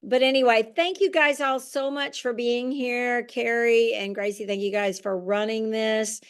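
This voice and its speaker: A woman's voice: a little high, steady tone, a little slow, clear, resonant tone. A woman yoga teacher hosting a webinar on a video call, talking casually with many restarts and fillers. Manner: warm, rambling, with frequent restarts and fillers.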